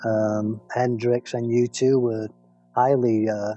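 A man with an English accent co-hosting a music podcast, chatting playfully and halting on fillers. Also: medium pitch, flat delivery, mellow, highs cut off. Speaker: podcast co-host. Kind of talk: casual chat about music.

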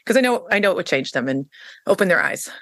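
A woman guest on an interview podcast, telling a personal story in a casual, animated way, jumping into a higher pitch when she quotes people. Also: quick pace, no room sound, studio quality. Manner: frequent fillers and restarts.

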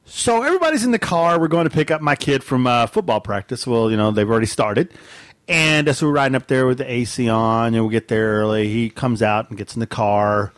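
A man's voice: fairly quick, no room sound. A man co-hosting a podcast, telling a funny family story in a casual way, laughing often and acting out the screams. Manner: animated, laughs often, mimics screams in a high voice. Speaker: podcast co-host.

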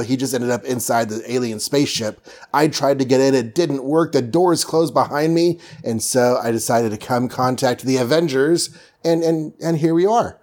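A man's voice: medium pitch, close to an everyday voice. A man voicing a young female sorceress superhero who rambles breezily through her story.

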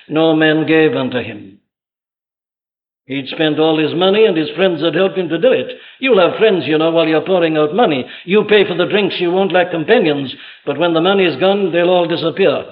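A man preaching a sermon with emphatic delivery, rhetorical questions and vivid retelling of stories. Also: fairly high pitch. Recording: dull lo-fi old sermon tape.

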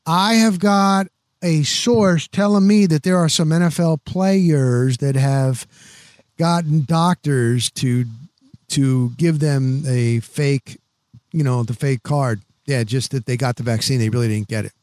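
A man in his sixties, a veteran sports reporter, telling stories on a podcast in an animated, rapid-fire way, full of "boom" and "blah, blah, blah". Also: no room sound. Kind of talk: casual podcast storytelling.

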